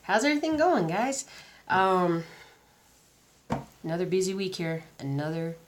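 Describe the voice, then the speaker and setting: A cross stitch vlogger with a sore throat chats casually, rambling and using plenty of fillers in a weak, lowish voice at a slightly slow pace. There is a little background noise.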